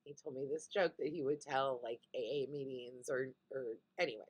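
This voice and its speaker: A woman's voice: very deep voice, brisk, a little mellow. A woman hosting a casual reality TV recap, candid and chatty, swearing freely. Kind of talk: casual chat.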